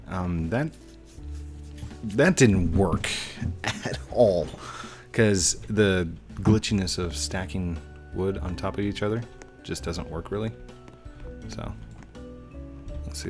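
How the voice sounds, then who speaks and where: A man's voice: low-pitched, takes it slowly, faint music behind. A man casually commenting while he plays a building game, chatting to himself and his viewers. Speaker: let's play host.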